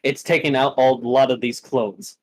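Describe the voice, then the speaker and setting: A man narrating a superhero tabletop game as game master, telling the battle in an animated, storytelling way. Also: medium pitch, normal speed, rough recording.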